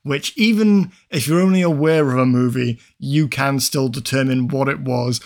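A man's voice: medium pitch, normal speed, a little mellow. A man hosting a podcast in casual chat, running a quiz with long, teasing build-ups.

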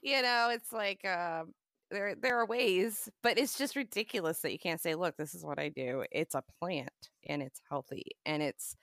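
A woman's voice: on the low side, moderate pace, fairly bright tone, no echo, studio quality. A woman talking casually as host, conversational and referring to news sources.

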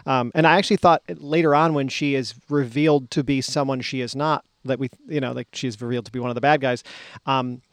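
A man's voice: medium pitch, steady tone, fairly quick, dry recording. A man co-hosting a podcast in casual chat, laughing often and swearing now and then. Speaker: podcast co-host.

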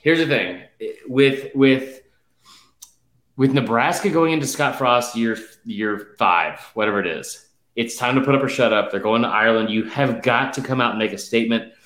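Slightly out of breath, a man hosting a casual sports betting talk fires off stats quickly and emphatically, dropping in fillers. His voice is medium in pitch, a bit bright and reverberant.

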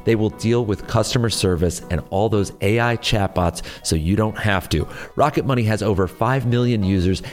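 A man, the podcast host, reading a sponsor advertisement in a brisk promotional delivery. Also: lowish voice. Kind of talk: read sponsor ad.

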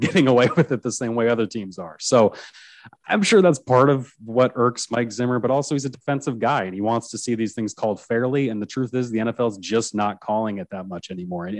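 A man's voice: mid-range voice, no room sound. A man who is a sports reporter, chatting casually about football as a guest, with frequent restarts and chuckles.

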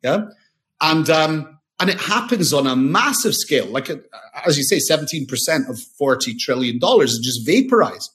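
A man's voice: on the high side, sing-song, normal speed, fairly bright tone. A man, a company founder, talking casually and enthusiastically as a podcast guest, often restarting and repeating words. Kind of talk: casual interview talk.

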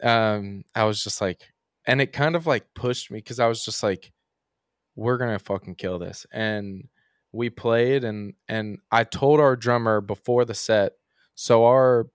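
A man's voice: medium pitch, a little slow, clear, resonant tone, dry recording. Young man, a musician guest telling rambling stories over a dry close mic in a podcast. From Kentucky. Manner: rambling, frequent "like" and "um" fillers. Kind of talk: casual podcast storytelling.

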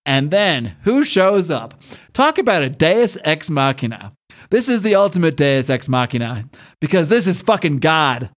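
A man's voice: fairly high pitch, big pitch swings, normal speed. A man hosting a podcast, retelling a comic book in casual chat and acting out its dialogue. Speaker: podcast host.

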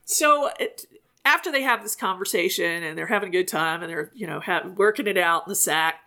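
A woman co-hosting a podcast, talking in a chatty, animated way and laughing often. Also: fairly low pitch, fairly quick. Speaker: podcast co-host. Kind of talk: casual chat.

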